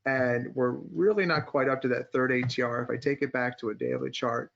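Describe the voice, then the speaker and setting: A man's voice: mid-range voice, steady tone, brisk, gravelly, a bit bright, a little hiss or hum. A male co-host of a podcast chatting casually, joking around and then explaining stock charts step by step, with many restarts. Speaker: market strategist and co-host. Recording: muffled lo-fi audio.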